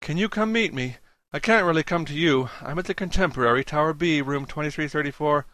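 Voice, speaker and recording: A man's voice: fairly high pitch, fairly quick, fairly bright tone, no echo, pitched above the performer's own voice, natural voice. A man reading an audiobook, voicing an anxious young man who pleads for help, strained and near tears. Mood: pleading.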